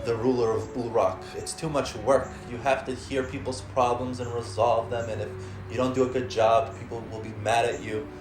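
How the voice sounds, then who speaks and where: Sly trickster voiced by a man, smooth-talking, in a roomy space with music under it. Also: medium pitch, level tone, moderate pace, natural voice. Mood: persuasive.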